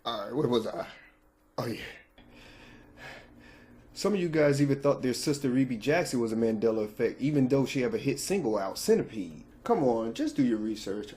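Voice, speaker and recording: A man's voice: mid-range voice, expressive, brisk, warm tone. A man hosting a casual vlog, opinionated and speaking directly to his viewers. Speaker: channel host.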